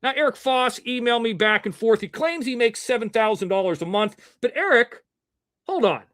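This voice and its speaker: Combative rambling stream host, high voice. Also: male voice, animated, normal speed, a bit bright, no room sound, clean studio sound. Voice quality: slightly muffled from wearing a mask. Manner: rambling, combative, talks to chat and critics directly. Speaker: livestream news show host. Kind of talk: casual livestream commentary.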